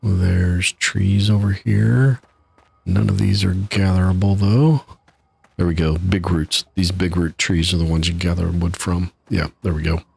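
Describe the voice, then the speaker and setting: A man's voice: deep voice, little pitch movement, moderate pace, creaky, husky. A man casually commenting while he streams a game live, chatty and laughing at his own troubles from his home setup. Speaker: gaming streamer.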